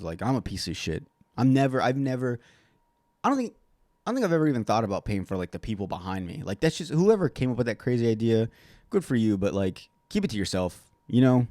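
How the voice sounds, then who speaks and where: A man's voice: lowish voice, darkish tone, no room sound. A man hosting a solo podcast, ranting in a sarcastic, rambling way and swearing constantly. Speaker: podcast host.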